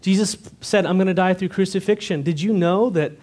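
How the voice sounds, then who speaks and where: A man's voice: sits high, brisk, darkish tone. A man preaching a sermon to his church, earnest and direct, asking the congregation rhetorical questions. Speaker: pastor.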